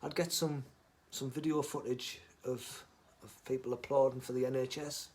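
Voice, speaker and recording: A man chatting casually on a live stream, rambling, joking and swearing, muttering asides and then loudly greeting viewers. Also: medium pitch, level tone, normal speed.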